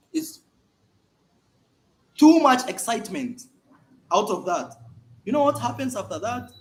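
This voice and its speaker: A man vlogging at home, telling a story emphatically and repeating words for effect. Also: sits high. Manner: animated, emphatic storytelling with repetitions. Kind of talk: casual vlog monologue. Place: at home, indoors.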